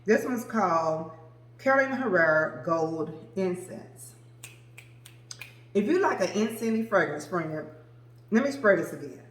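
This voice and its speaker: A woman's voice: lowish voice, expressive, measured pace, long pauses, echoey room, low-quality recording. A woman in her forties reviewing perfumes in a casual, chatty way, gushing and addressing viewers as "girl" and "y'all". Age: 40s. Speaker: vlogger reviewing fragrances. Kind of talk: casual chat to camera.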